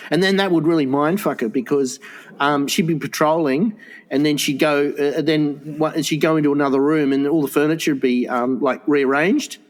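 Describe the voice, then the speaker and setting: Crude, teasing man with a slightly high voice. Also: steady tone, normal speed. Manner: crude, teasing, laughs often. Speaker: podcast co-host. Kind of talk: casual comedy chat.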